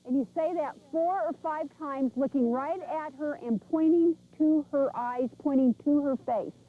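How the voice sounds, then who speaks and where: Woman trainer, high mellow voice, direct and encouraging, outdoors on a VHS tape. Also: a little slow, rough recording. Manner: chatty, direct, encouraging instructions. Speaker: animal trainer. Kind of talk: instructional coaching of pet owners.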